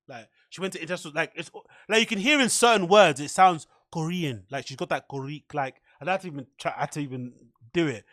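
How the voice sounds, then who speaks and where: A man hosting a podcast, rambling in mocking, profane, animated commentary. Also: high-pitched, no room sound, studio quality. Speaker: podcast host.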